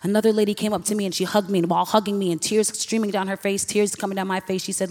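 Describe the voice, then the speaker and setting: A woman's voice: medium pitch, level tone, very fast, hardly any pauses, darkish tone. A young woman from Queens, New York, telling a personal story on stage in an earnest, emotional way with sighs. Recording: reverberant hall.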